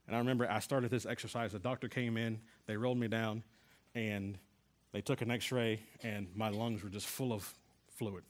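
Man, middle-aged, sermon testimony, earnest, halting restarts, mid-pitched voice. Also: fairly even intonation. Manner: earnest storytelling with repeated restarts. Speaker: Bible class teacher.

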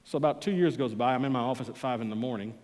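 A man preaching a sermon, telling a personal story and moving between loud, pleading bursts and quiet, intense passages. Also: medium pitch, very fast. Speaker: pastor. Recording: long hall reverb.

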